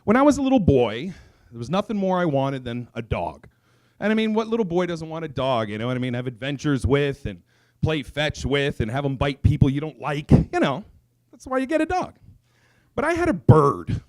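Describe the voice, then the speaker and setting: A man hosting a comedy night, telling an animated, sarcastic and profane stand-up story. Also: on the high side, brisk. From raised by Italian parents. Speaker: comedy show host.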